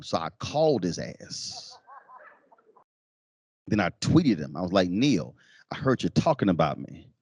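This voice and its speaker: Male keynote lecturer, lively storyteller who voices other people's lines; close, dry mic. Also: fairly low pitch, no room sound. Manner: animated, acts out quotes in shifting voices. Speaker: keynote speaker. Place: lecture hall.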